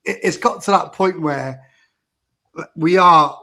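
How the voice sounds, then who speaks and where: A man joins a live fan show as co-host, his voice a touch high. He rambles through heated opinions, stumbling over and repeating words. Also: takes it slowly, creaky, bright, forceful tone.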